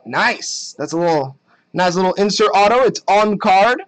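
A young man chatting casually while opening trading card packs on a live break, excited at the hits and muttering asides. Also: high voice, normal speed, clear, resonant tone, low-quality recording.

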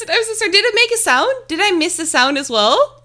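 A slightly sick woman streams a game from home, talking close into a desk mic as she chats casually with viewers, giggly, flustered, and apologetic. Her high-pitched voice is very animated, brisk, pushed, and bright.

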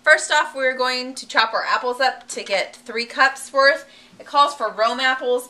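A woman's voice: mid-range voice, sharp tone, a little hiss or hum. A woman hosting a home cooking demonstration in her kitchen, chatty and giggly, poking fun at herself as she works. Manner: chatty, giggly, self-deprecating. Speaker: cooking show host.

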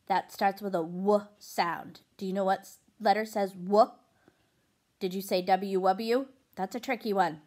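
A woman teaching a pre-K phonics lesson, sounding out letters and words clearly and slowly for young children, with encouraging praise between them. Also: mid-range voice, steady tone, a little mellow.

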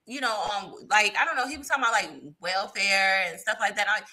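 A young woman talking casually as an interview guest, animated, hesitant with fillers, jumping up in pitch when she acts out what others said. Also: brisk. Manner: animated, acts out quoted lines with big pitch jumps; frequent fillers, hesitant restarts. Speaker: guest panelist.

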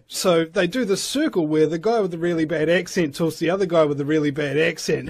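A man's voice: fairly high pitch, a little mellow, breathy edge. A male host in casual interview chat, joking and explaining things in plain terms.

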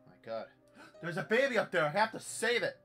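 Commenting live on a VR horror game, a young gameplay streamer is jumpy and jokey, swearing as he talks to himself over faint game music. His voice is high-pitched, pushed, and bright, with big pitch swings and a slightly fast pace.

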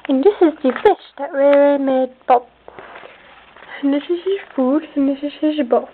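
A woman's voice: high voice, a little slow, long pauses, slight background noise. A young woman giving a playful, self-mocking tour of her house for a home video, chatting as she goes. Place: house, indoors and out by a fence. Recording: tinny lo-fi home camera audio.

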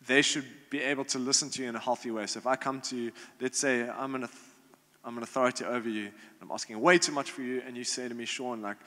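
A man's voice: mid-range voice, fairly even intonation, fast, sharp tone. Young guy fielding questions at a youth event, lots of ums and restarts, big reverby hall. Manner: informal, many fillers and restarts. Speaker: youth leader answering questions. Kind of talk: casual Q&A talk.

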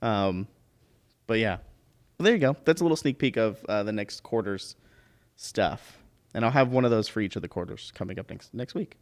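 A man hosting a casual livestream chat, easygoing and hesitant, often pausing on filler sounds. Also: on the low side, animated. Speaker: livestream host.

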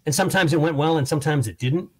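A middle-aged comedian talking as a guest on a podcast, telling relaxed stories from his early years. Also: on the high side, very fast, husky. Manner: relaxed, anecdotal storytelling. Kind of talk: casual storytelling chat. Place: podcast studio.

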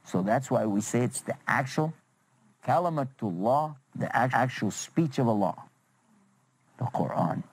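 A man telling a religious story as a lesson for children, chatty and animated, asking his listeners questions. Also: medium pitch, unhurried, rough recording.

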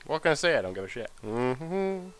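A man giving casual, sweary gameplay commentary as a let's play host, excitable and muttering to himself as he plays. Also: medium pitch, racing, slight background noise.

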